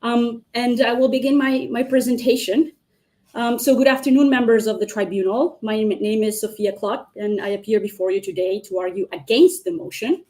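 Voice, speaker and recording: Woman counsel on a video call, formal and measured, speaks straight to the tribunal. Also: on the high side, fairly even intonation, mellow. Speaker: counsel arguing against the motion. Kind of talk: formal argument in a mock hearing.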